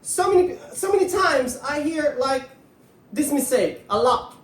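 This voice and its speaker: A woman's voice: sits high, lively intonation, slow, reverberant, distant mic. A woman teaching an English grammar lesson, patiently repeating words to drill the stress.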